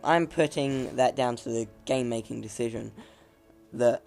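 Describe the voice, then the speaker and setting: A man's voice: mid-range voice, normal speed, vocal fry, darkish tone, soft background music. A man casually commenting over his gameplay, rambling, laughing at himself, his voice cracking now and then. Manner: rambling, chuckling, self-mocking.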